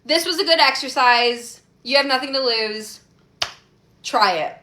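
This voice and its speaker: A young woman telling a casual story to camera, animated and full of "like" fillers. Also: sits high, unhurried, a little hiss or hum. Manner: animated, acts out dialogue, many "like" fillers. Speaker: storyteller in a social media clip. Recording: echoey room.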